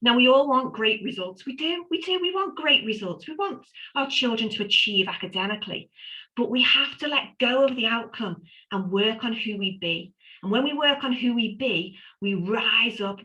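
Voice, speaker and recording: A woman's voice: medium pitch, sharp tone, low-quality recording. A middle-aged woman, presenting an online wellbeing workshop with upbeat, emphatic lists and repeated phrases. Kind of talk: live online workshop talk.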